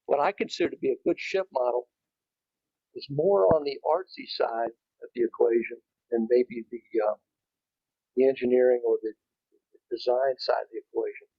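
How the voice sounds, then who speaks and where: A man's voice: mid-range voice, moderate pace, slightly rough, no room sound, dull audio. A man giving an informal talk to a club, speaking conversationally and restarting his phrases as he goes. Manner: conversational, repeats and restarts, rising emphasis.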